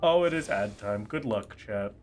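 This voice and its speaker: A man streaming a game live, chatting casually with his viewers in a playful, excitable way. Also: on the low side, moderate pace, a crowd in the background. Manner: playful and excitable, squealing and laughing at surprises. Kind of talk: casual livestream chat while gaming.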